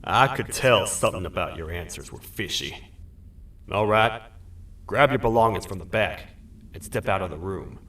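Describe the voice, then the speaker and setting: A man voicing a gruff, suspicious toad sheriff in a video game. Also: deep voice, lively intonation, normal speed, a bit bright, distant mic. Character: gruff male toad sheriff of a buried kingdom.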